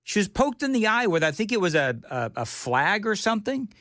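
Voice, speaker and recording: Radio host guy ranting, kinda high voice, lots of ups and downs. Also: brisk, no echo, clean studio sound. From United States. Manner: animated, indignant, mocking asides. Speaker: radio talk show host. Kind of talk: opinionated talk radio monologue. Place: radio studio.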